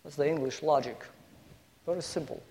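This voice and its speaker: A man's voice: a little high, brisk, dark tone. A man giving a guest sermon, emphatic, listing points and telling a story to a congregation. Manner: emphatic, building lists and storytelling. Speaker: guest preacher. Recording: long hall reverb.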